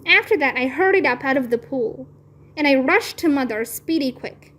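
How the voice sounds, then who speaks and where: A woman narrating a children's book aloud in an expressive, deliberate storytelling manner. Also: high voice. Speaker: read-aloud channel host.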